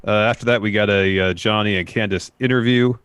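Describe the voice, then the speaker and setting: A man's voice: lowish voice, fairly even intonation, fast talker, a bit bright, smooth. A man co-hosting a wrestling podcast, recapping segments and paraphrasing what was said, with many "uh"s. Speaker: podcast co-host.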